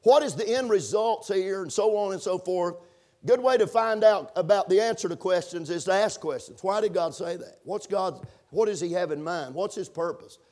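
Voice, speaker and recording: A man preaching a sermon, punctuating his points with amens and building to shouted emphasis. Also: high voice, normal speed. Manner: preaching with call-and-response amens, rising to shouts. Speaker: pastor.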